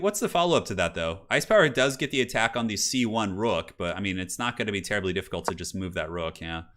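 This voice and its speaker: In a lowish, slightly bright voice, a man gives loose, jokey live-stream commentary on a chess game. He chats with viewers, fills gaps with fillers and swears casually every so often.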